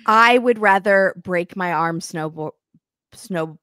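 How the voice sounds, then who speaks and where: A woman co-hosting a casual podcast, giving opinionated quick asides. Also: fairly low pitch, fairly bright tone, clear, resonant tone, no echo, clean studio sound. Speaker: podcast co-host. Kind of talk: casual chat.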